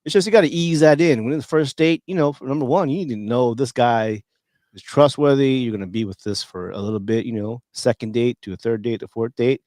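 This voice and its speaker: Male host, halting and repetitive, mid-pitched, dry close sound. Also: darkish tone, no room sound. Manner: halting, filler-heavy, repeats words. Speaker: podcast host. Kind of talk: casual chat.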